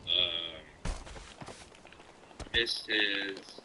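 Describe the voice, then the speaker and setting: A man helping a friend, offering halting, hesitant suggestions. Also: deep voice, background noise.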